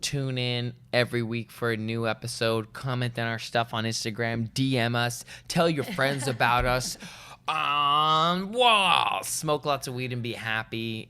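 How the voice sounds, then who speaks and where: A man's voice: medium pitch, fairly bright tone, clear, resonant tone. A man co-hosting a podcast in a casual, playful and joking way. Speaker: podcast co-host.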